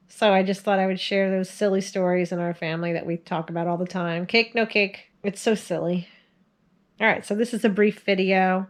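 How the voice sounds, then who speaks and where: Woman, forties, mid-pitched voice, casual storytelling vlog, chatty, laughs often. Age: 40s. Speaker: video host sharing family stories.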